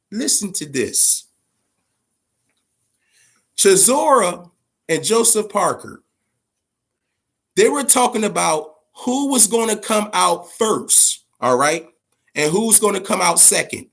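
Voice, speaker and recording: A man hosting a casual boxing talk show, rambling and swearing as he tells fight gossip. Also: high-pitched. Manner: profane, rambling, animated. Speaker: host.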